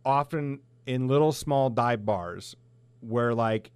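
A man's voice: medium pitch, takes it slowly, a little mellow, clean tone, no room sound. A middle-aged man from South Dakota, hosting a podcast in a heated, blunt monologue full of swearing. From South Dakota, USA. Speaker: podcast host. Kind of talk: profane ranting monologue.

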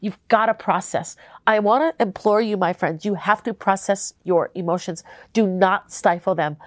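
A woman's voice: mid-range voice, moderate pace, dry recording. Young adult woman, podcast host. Earnest and tearful at times, speaking straight to her listeners. Dry, close-miked sound. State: crying at times. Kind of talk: heartfelt faith podcast talk.

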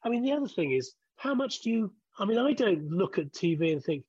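A man in his sixties, a former broadcaster, talking as an interview guest in a measured way, thinking aloud and restarting sentences. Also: high-pitched, sing-song, darkish tone, husky, dry recording, lo-fi sound. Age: 60s. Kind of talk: conversational interview.

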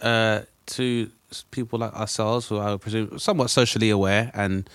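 Man, low voice, dry close sound, hesitant, reflective, casual chat. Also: fairly even intonation, normal speed, fairly bright tone, clear, resonant tone, no echo.

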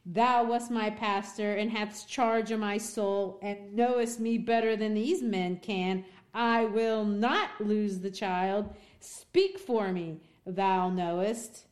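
A woman's voice: medium pitch, a little slow, darkish tone, lightly acted. A woman reading the part of a defiant young mother pleading to keep her child, in old-fashioned formal speech.

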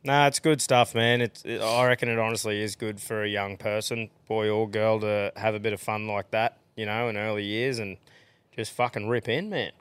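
A man's voice: lowish voice, steady tone, moderate pace, fairly bright tone, clear, resonant tone, dry recording. Laid-back Australian man, dry close sound. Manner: laid-back, swears freely. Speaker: podcast host. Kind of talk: casual chat.

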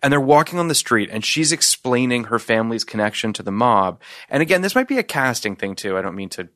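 A man's voice: medium pitch, fast, dry recording, studio quality. A man co-hosting a podcast, talking through a film review in a rambling, swearing, casual way. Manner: profane, rambling, animated. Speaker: podcast co-host. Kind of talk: casual movie review chat.

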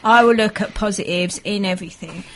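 A woman's voice: medium pitch, brisk, slight background noise. A woman co-hosting a football radio show, reading out listener emails and chatting with many fillers. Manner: chatty, laughing, hesitant. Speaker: radio co-host.

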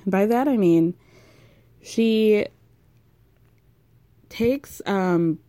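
A chatty woman talks through a recap in a loose, frank way, dropping curse words and plenty of fillers. Her voice is soft and mellow. The sound is close and dry, with no room around it. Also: mid-range voice, extremely slow, no room sound. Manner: frank, swears freely, chatty with many fillers. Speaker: podcast host recapping a reality show. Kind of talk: casual recap monologue.

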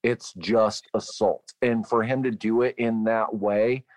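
A man with a lowish voice, co-hosting a casual horror-film chat. He talks bluntly and swears freely, and his voice sits close and dry with no room sound. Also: fairly even intonation, measured pace, dry recording. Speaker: podcast co-host.

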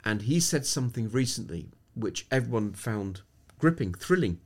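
A man's voice: mid-range voice, animated, moderate pace. Middle-aged english guy, podcast guest, thoughtful, lots of stories and restarts. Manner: reflective, anecdotal, with many restarts. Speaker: sports psychologist guest. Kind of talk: podcast interview storytelling.

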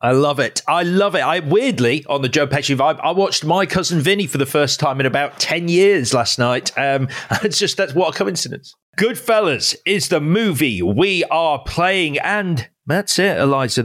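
An upbeat male host chats with a guest and then reads scripted links between segments. His voice sits a little higher than most men's. His delivery shifts easily between loose chat and rehearsed lines. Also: fairly bright tone. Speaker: podcast host. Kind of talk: casual interview hosting.

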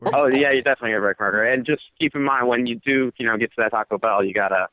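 A man chatting casually over a phone line, laying out joking rules in a deadpan way. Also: mid-range voice, racing, no room sound. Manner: joking, deadpan rule-giving. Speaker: guest giving rules. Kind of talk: casual chat. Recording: tinny phone-line sound.

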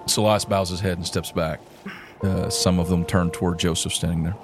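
Man, game master, very deep voice, slow, descriptive, faint music behind. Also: flat delivery. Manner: slow, descriptive narration with fillers. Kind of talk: narrating a tabletop game.

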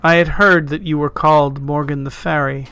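A man's voice: on the high side, steady tone, moderate pace, pushed and bright, clean tone, dry recording. A man reading a storybook, voicing a young man who stammers and sounds unsure of his surroundings. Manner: hesitant, stammering. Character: young man, a bewildered time traveler.

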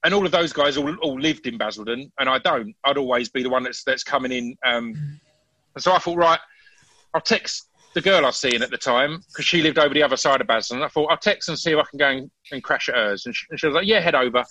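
Guy rambling through a story, restarts a lot, bright tone, dead dry room. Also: mid-range voice, fast, no room sound, dull audio. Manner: animated storytelling with frequent restarts. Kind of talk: casual chat.

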